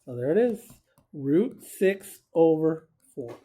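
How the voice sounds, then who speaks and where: Chatty high-voiced math teacher, mellow tone. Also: male voice, sing-song, slow pace. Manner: chatty, joking, keeps quizzing students. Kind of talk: casual recorded math lesson.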